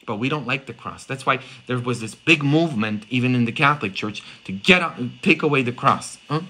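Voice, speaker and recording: A middle-aged man, a priest, preaching a sermon with animated storytelling and frequent rhetorical "huh?" questions. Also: medium pitch, fairly quick, low-quality recording.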